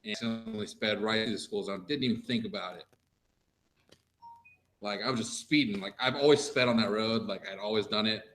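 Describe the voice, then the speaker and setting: A man's voice: on the low side, a little fast, fairly bright tone. A man in a casual talk show chat, rambling through a story with lots of "like". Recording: echoey room, faint noise.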